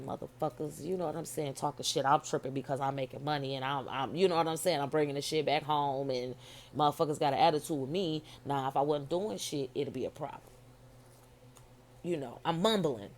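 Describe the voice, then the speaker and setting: A middle-aged woman telling a dream story in a blunt, profane, animated way. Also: low-pitched, slight background noise. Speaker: vlogger telling her dream. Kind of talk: casual storytelling.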